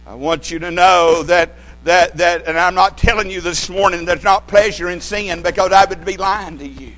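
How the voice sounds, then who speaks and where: A male preacher delivering a sermon with a fairly high-pitched voice. He talks emphatically, rising to loud declarations and dropping to hushed tones, and he often repeats words as he restarts a phrase. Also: moderate pace, few pauses, low-quality recording.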